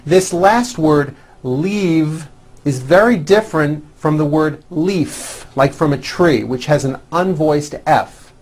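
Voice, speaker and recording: A man teaching English pronunciation in a scripted lesson, demonstrating sounds slowly and with exaggeration. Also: a little high, husky.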